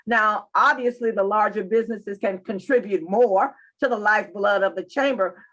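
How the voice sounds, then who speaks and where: A woman's voice: on the high side, a bit bright. An emphatic woman, speaking as an interview guest. She leans on her main points and repeats them so they land. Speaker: chamber of commerce president and CEO.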